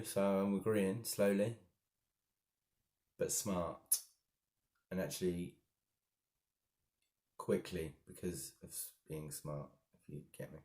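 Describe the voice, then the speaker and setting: Deep-voiced man musing aloud. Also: dark tone. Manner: rambling and halting, with frequent restarts. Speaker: daily vlogger. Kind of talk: casual self-reflective monologue.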